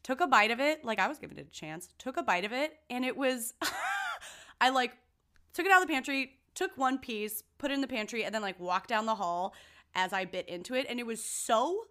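Woman, bright voice, slightly high, casual podcast chat, animated ranting, swears freely. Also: a little fast. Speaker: podcast co-host.

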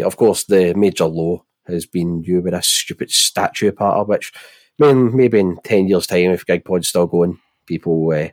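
A man's voice: sits low, no room sound. A man with a Scottish accent and a nasal voice, co-hosting a football podcast in jokey, rambling casual chat. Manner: jokey, rambling, laughs often. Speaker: podcast co-host.

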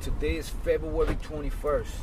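A man's voice: fairly high pitch, level tone, normal speed, heavy background noise. A man, a rapper, telling a personal story in a loose, rambling, casual way with lots of fillers and swearing.

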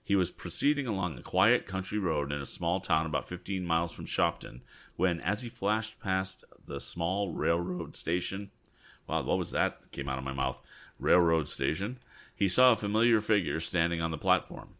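Deep-voiced man reading a story aloud. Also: normal speed. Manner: expressive, chatty asides. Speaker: reader.

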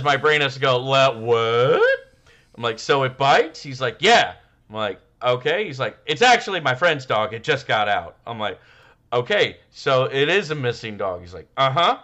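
Speaking a little fast in a medium-pitched voice, this comedy podcast co-host animatedly relates stories and performs the quoted lines himself in a casual chat.

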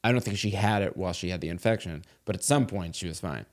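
Lower-pitched guy in his 40s, rambling chatty story with lots of likes and restarts. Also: fast talker. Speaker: guest. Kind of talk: casual chat.

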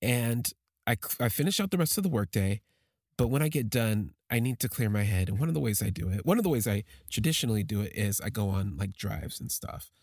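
Halting husky man telling a personal story. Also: lowish voice, expressive, a little mellow, no room sound, studio quality. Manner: halting, emotional, with many restarts. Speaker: podcast storyteller.

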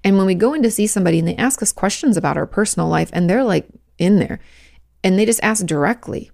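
Woman, therapist host, casual frank advice, vocal fry, conversational fillers. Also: mid-range voice, animated, fast, darkish tone.

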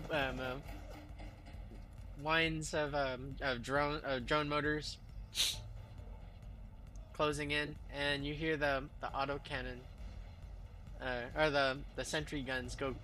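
A male game master narrating a tabletop game. He rambles and restarts often, filling pauses with "um" and "uh". His voice is very bright and a touch high, with a faint hiss underneath. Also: fairly even intonation. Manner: rambling, full of fillers and restarts.

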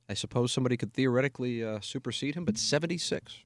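A man's voice: medium pitch, very fast, no room sound. A man hosting a podcast in a studio, chatting casually, joking and swearing freely. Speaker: podcast host.

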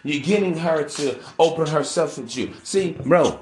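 A man's voice: a little high, unhurried, darkish tone. A man hosting a podcast, giving relationship advice in a casual, profane, preachy monologue that keeps calling his listeners bro. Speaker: podcast host.

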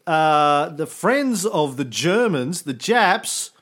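A man's voice: fairly high pitch, very animated, takes it slowly, fairly bright tone. A man co-hosting a history podcast, telling history as an irreverent, profane story with homespun analogies. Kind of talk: casual history podcast chat.

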